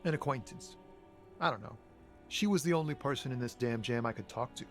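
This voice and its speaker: A man's voice: mid-range voice, a little fast, soft background music, natural voice. Man as a laid-back game trucker, guarded, slangy, everyday voice. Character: laid-back, wary male truck driver. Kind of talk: video game voice acting.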